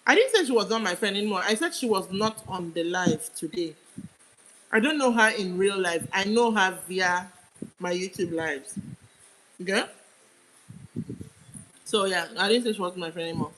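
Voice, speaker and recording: A woman's voice: medium pitch, expressive, normal speed, pauses often, a bit bright, poor audio. A young woman from Nigeria hosting a casual live stream, chatting and greeting viewers by name while she eats. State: eating while talking. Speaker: livestream host.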